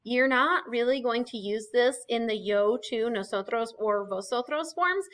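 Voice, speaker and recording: A woman's voice: a little high, moderate pace, fairly bright tone, rough recording. A woman teaching a casual recorded vocabulary lesson, chatty and explaining with asides and fillers. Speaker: Spanish teacher.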